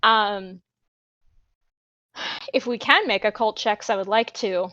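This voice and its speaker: A woman's voice: mid-range voice, takes it slowly, sharp tone, muffled recording. A woman playing a tabletop game, narrating her character's actions in a rambling, hesitant way. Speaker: player.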